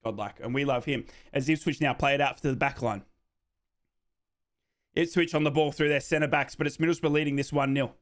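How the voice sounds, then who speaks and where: A man hosting a live football watchalong, calling the match as a fan, reading out viewers' names and bursting into shouted celebrations. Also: mid-range voice, fairly even intonation, fairly quick. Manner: reads out viewers' names and answers them.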